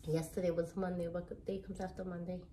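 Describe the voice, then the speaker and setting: A mother leading a morning circle at home, patiently asking her child simple questions in a gentle, coaxing way. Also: fairly low pitch, little pitch movement, a little fast, slight background noise. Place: home, partly near sunlight indoors.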